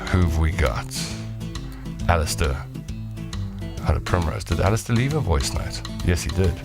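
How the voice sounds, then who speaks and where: Gravelly deep-voiced host. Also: male voice, moderate pace, loud music behind the voice. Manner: lively and playful, reading voice notes. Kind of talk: live talk show chat.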